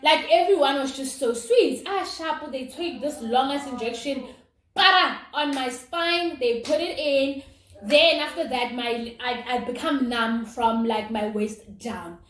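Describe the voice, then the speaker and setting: A young woman telling a personal story in a casual, animated, dramatic way, as a vlogger. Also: high-pitched, unhurried. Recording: roomy with faint noise.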